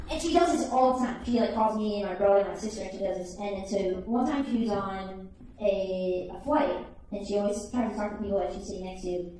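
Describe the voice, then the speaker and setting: A woman's voice: medium pitch, fairly quick, dark tone, a little hiss or hum. Chatty young woman in an echoey room. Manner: chatty, peppered with "like". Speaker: storyteller. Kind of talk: live personal storytelling. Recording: echoey room heard from a distance.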